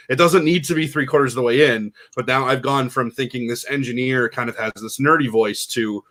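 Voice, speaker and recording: A man's voice: medium pitch, a little fast, few pauses, a bit bright. A man co-hosting a casual panel chat, rambling and full of "you know" and "like".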